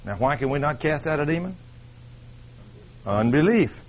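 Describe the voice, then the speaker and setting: A man preaching a sermon, animated and firing questions at his congregation, on a dull lo-fi recording. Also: fairly high pitch, moderate pace.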